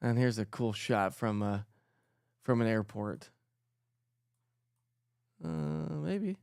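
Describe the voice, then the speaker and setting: A man's voice: on the low side, animated, slow pace, vocal fry, a little mellow, clear, resonant tone, no room sound, studio quality. A middle-aged man hosting a casual weather livestream, chatting with viewers and reading their comments aloud. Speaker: weather show host.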